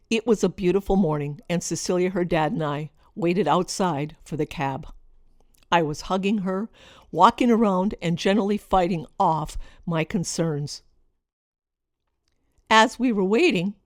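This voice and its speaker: A middle-aged woman from Minnesota reading her own personal story in a reflective, expressive way. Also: lowish voice, dry recording, studio quality. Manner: reflective, expressive, lingering over list words.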